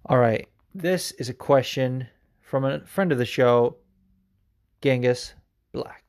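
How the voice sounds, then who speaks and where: A man's voice: medium pitch, takes it slowly, darkish tone. A male podcast host in loose, casual chat. He rambles, uses plenty of fillers and laughs often as he works through listeners' voice messages.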